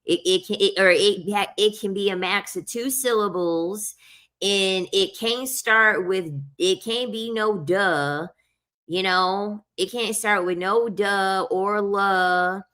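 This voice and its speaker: A woman's voice: mid-range voice, takes it slowly, fairly bright tone. A woman ranting bluntly to her viewers, swearing freely and repeatedly saying she is sorry. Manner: blunt, profane, keeps saying "I'm sorry". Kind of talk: casual opinionated rant to viewers.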